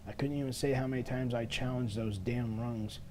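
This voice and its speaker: A man reading as a terrified teenage girl stuck in a cave in a horror game, narrating earnestly. His voice is mellow and mid-pitched, with a faint hiss of noise. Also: fairly even intonation, fairly quick, close to an everyday voice. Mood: desperate. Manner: earnest, desperate first-person narration. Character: frightened teenage schoolgirl trapped in a cave. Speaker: let's player. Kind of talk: reading game text aloud.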